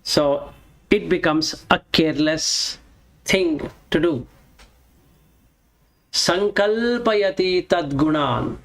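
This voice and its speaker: Casting note: man, higher voice, unhurried Sanskrit scripture teacher who chants and then explains. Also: steady tone, a bit bright, rough recording. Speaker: Vedanta teacher. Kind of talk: slow scripture lesson.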